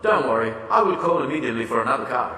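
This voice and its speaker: A scheming male chauffeur voiced by a man talks in a polite, businesslike tone. His voice is bright and carries a long hall reverb from a distance. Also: medium pitch, animated, rapid-fire. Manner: apologetic, businesslike. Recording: echoey hall, far from the mic.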